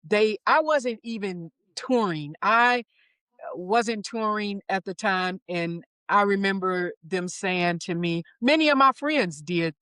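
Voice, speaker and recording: A middle-aged woman guest in an interview, telling stories about her career with a lively manner. She laughs easily and acts out what others said. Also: medium pitch, takes it slowly, clean tone, no echo. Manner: lively anecdotes, acts out quoted voices. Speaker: interview guest, wardrobe supervisor. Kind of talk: casual storytelling interview.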